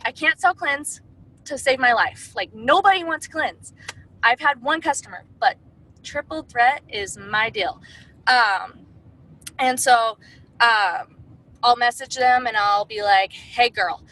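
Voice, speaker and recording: A woman's voice: a little high, expressive, measured pace, pushed and bright, low-quality recording. A woman talking casually about her sales methods, chatty and full of "like" and "um". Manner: chatty, heavy use of "like" and "um". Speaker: direct sales distributor. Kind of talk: casual sales-tips talk.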